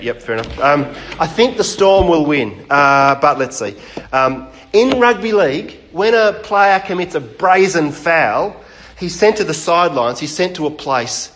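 New male pastor, higher-pitched, conversational sermon delivery with restarts. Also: fairly bright tone. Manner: conversational, chats with the congregation, frequent restarts. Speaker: preacher. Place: church.

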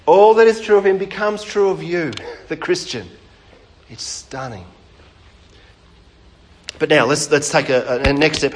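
New male pastor, higher-pitched, conversational sermon delivery with restarts. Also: slight background noise. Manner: conversational, chats with the congregation, frequent restarts. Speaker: preacher. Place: church.

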